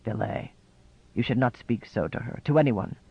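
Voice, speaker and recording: A man doing a big rumbling island sailor. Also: sing-song, a little fast, creaky, husky, dry recording, highs cut off, exaggerated voice. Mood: stern. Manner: low rumbling voice. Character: big burly island man, stern but mild.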